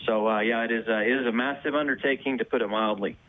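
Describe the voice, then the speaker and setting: A man who runs a football club, interviewed on the radio, answering in measured corporate phrasing. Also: medium pitch, fairly even intonation. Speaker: football club president, phone guest. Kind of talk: radio interview over the phone. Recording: tinny phone line.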